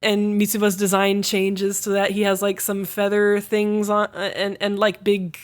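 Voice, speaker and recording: A woman podcast host casually recapping a story in a rambling, profane, animated way. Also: medium pitch, moderate pace.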